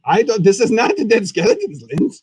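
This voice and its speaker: A man hosting as a goofy, high-voiced skeleton. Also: fairly quick, slightly rough, no room sound. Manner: rambling, excitable, refers to himself in the third person. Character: goofy skeleton host, male, chatty and silly. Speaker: host. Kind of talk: live puppet talk show.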